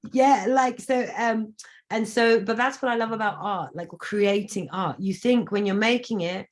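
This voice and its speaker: A woman's voice: medium pitch, moderate pace. A woman hosting a casual interview on a video call, talking enthusiastically in a rambling way with many restarts. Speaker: host and singer-songwriter.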